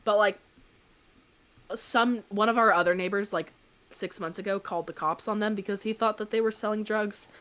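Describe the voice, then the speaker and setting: A young woman on a podcast, spinning a long personal story in a loose, chatty way. Her voice sits at an everyday middle pitch and she fills her sentences with "like" as she relives the moment. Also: normal speed. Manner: chatty, peppered with "like", animated retelling. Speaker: podcast co-host. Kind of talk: casual anecdote on a podcast.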